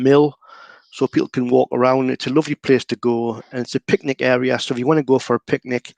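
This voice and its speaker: A man with a Geordie accent talks through local sayings and places in an easygoing, unhurried way, often pausing on fillers. His voice has a gravelly edge, and the recording is dry and close. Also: medium pitch, no echo. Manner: relaxed, explains slowly with many fillers. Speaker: local guide. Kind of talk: casual explanatory chat.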